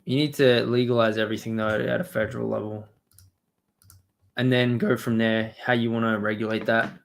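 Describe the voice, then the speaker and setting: His voice is gravelly and mid-range, level in tone and fairly quick. Hosting a casual live stream, he rambles and swears while reading and replying to chat.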